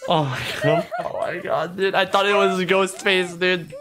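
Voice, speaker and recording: A man gaming in a multiplayer horror game, panicky and loudly repeating his complaints. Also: high-pitched, a little slow, over a noisy crowd. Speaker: gamer.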